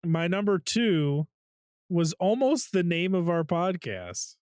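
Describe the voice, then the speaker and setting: A man's voice: high voice, lively intonation, slow, a little mellow, no room sound, clean studio sound. A man co-hosting a casual podcast, telling movie scenes in an easygoing way and acting out the quotes. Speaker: podcast co-host. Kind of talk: casual chat.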